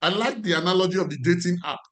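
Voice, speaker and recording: A man's voice: high voice, quick pace, fairly bright tone. A man with a Nigerian accent, a life coach teaching a class in an emphatic way and repeating his key phrases.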